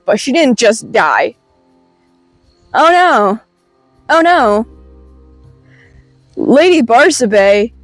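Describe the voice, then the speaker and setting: A slightly high-voiced young woman goes over a comic in a chatty recap, heavy on "like" and casual swearing, as a webcomic reviewer. The recording is dry.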